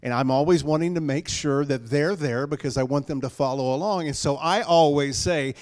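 A man preaching a sermon to his congregation, emphatic and repeating key phrases, moving between loud calls and hushed lines. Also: on the high side, moderate pace, few pauses.

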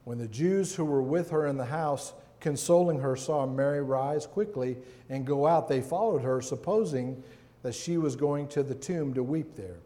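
A man giving a sermon as a guest preacher, reading scripture and speaking with slow, emphatic pauses in a large hall. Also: medium pitch, dark tone. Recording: long hall reverb.

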